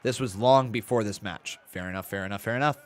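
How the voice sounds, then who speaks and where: A man's voice: fairly low pitch, fast. A man in his twenties chatting on a live stream, reading chat aloud and calling play-by-play, a little tired and yawning. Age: 20s. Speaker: watch-along streamer.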